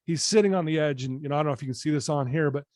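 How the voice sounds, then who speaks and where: A man's voice: fairly high pitch, racing, no room sound. A man coaching in personal development, telling a story as a podcast guest and acting out the dialogue with energy. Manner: animated storyteller who acts out quoted dialogue. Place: his office at home.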